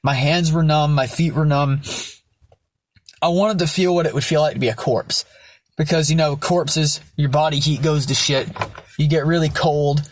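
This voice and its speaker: A man's voice: a little high, fairly even intonation, normal speed, slight background noise. A young man telling his personal backstory in a candid vlog, blunt and rambling, with lots of swearing. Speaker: vlogger.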